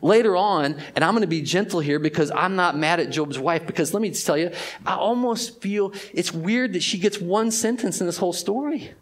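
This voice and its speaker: A pastor giving a conversational sermon to his church, moving between loud emphasis and hushed, drawn-out phrases. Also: high-pitched.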